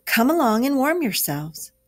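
Hearty, masterful male rat, quick to give orders, read by a woman. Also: sits high, big pitch swings, pitched above the performer's own voice. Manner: hearty, commanding.

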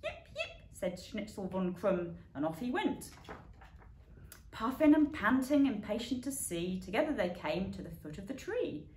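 Animated woman reading a bedtime story. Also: mid-range voice, moderate pace, few pauses. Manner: lively storyteller who yowls and barks the animal sounds. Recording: echoey room with faint background noise.

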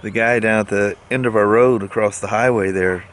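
A man talking casually in a daily vlog, relaxed and rambling, often chuckling. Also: lowish voice, fairly quick, a little hiss or hum. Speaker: vlogger. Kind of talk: casual chat. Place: driving home, then at home outdoors.

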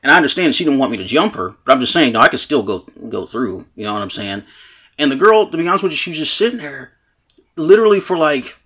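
A man's voice: medium pitch, sing-song, quick pace, fairly bright tone, breathy edge. A man telling a personal story to camera in a rambling, casual way, filling his talk with "you know what I'm saying" and acting out quoted lines. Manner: acts out quoted lines with swearing.

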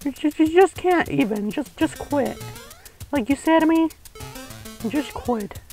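High-voiced boastful male gamer. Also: expressive, unhurried, faint music behind, low-quality recording. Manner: taunting, boastful and crude, yells at mistakes. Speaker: gamer co-host. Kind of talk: gameplay commentary.

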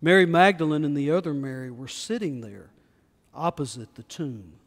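Solemn man reading in a reverberant church. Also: fairly high pitch. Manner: measured, solemn reading with rising emphasis. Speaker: pastor. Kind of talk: church prayer and scripture reading. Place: church sanctuary. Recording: long reverb of a church hall.

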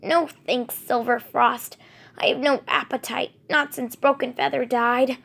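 A woman's voice: high voice, fairly even intonation, a little slow, pitched above the performer's own voice. A woman reading a very old she-cat who speaks wearily, heavy with grief. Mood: grieving. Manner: weary, grief-laden.

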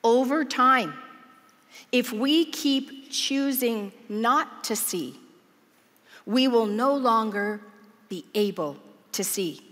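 Woman, preacher, sermon, animated storytelling, fairly high voice, long hall reverb. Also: slow, pauses often. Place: large church auditorium.

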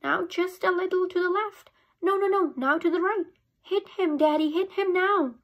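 Woman doing a high excited little girl. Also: moderate pace, muffled recording. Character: anxious young girl, dramatic and insistent.

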